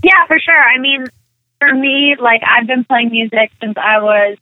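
A young woman chats as an interview guest, rambling through stories with constant "like" and "um". Her voice sits a little high, and it comes through a dry, tinny phone-like line. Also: unhurried, no echo. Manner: rambling, full of "like" and "um", animated retelling. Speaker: interview guest, actress and singer. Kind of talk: casual interview chat.

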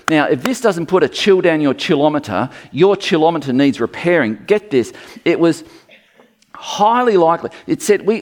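Lively male preacher with animated pitch. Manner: lively, conversational, acts out quotes. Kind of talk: sermon.

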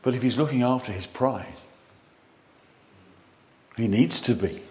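A man preaching a sermon in an excitable, animated way, with self-deprecating humour. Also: medium pitch, a little slow.

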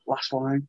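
Young man, casual interviewee, self-deprecating, dry dull recording. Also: no echo. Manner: chatty, self-deprecating, many restarts. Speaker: rugby league player.

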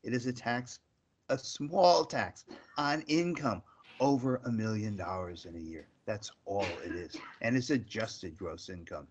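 A man's voice: lowish voice, a little slow, lo-fi sound, slight background noise. A man hosting an interview, putting questions and stating points emphatically and directly. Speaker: host. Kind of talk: interview hosting, political commentary.

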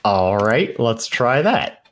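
A man's voice: mid-range voice, big pitch swings, slow pace, a bit bright, a little hiss or hum. A man running a tabletop game as game master, casual, laughing and swearing freely as he narrates.

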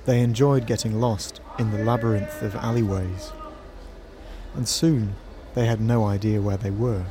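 A man narrating a scripted story in a steady, measured way. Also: lowish voice, a little hiss or hum.

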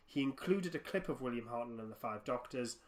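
A man co-hosting a casual podcast, animated and often laughing, breaking off and restarting his sentences. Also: mid-range voice, a little fast. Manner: laughing, animated, self-interrupting. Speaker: podcast co-host. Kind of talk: casual fan podcast chat.

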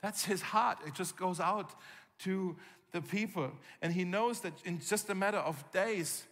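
A man preaching a sermon as pastor, telling the story vividly and acting out scenes with gasps and shouts. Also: sits high, a little slow. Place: church hall. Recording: long reverb from a church hall.

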